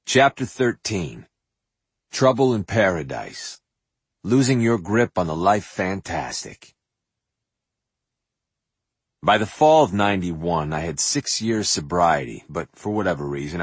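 Husky low-voiced man reading his memoir. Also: normal speed, dry recording. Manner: animated and profane, acts out quotes and sings snippets. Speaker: memoir narrator.

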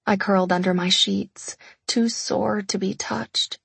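A woman's voice: mid-range voice, steady tone, a little slow, creaky, a bit bright, slightly rough, no echo. A woman narrating a romance audiobook in the first person, intimate and confessional.

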